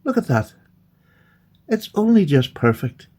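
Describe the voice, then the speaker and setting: A man chatting excitedly and gushing as he unboxes and admires his new knives. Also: on the high side, unhurried. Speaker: knife collector vlogger. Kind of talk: casual unboxing chat.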